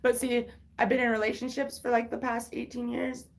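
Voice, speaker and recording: A woman's voice: on the high side, flat delivery, brisk. A woman in her thirties telling a personal story on a casual livestream, candid and rambling, full of swearing and restarts. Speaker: livestream host.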